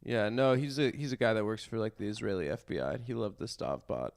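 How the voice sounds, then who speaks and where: A man with a gravelly, creaky voice trading loose banter on a comedy podcast. He tends to mumble and let his sentences trail off quietly. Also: fairly low pitch, sing-song, fast. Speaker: podcast co-host.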